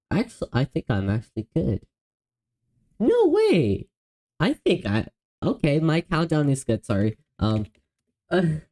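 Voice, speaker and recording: A man hosting a casual live stream, talking slowly and unhurriedly. He sounds excitable and apologetic, stumbling over words and breaking into laughs, with a voice of middling pitch. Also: rough recording. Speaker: livestream host.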